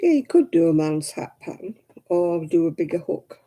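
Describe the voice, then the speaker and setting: A woman's voice: lowish voice, very animated, normal speed, warm tone. A woman hosting a crafting livestream at home, chatting casually and rambling as she crochets, counting stitches under her breath. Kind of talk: casual chat while crocheting. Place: at home indoors.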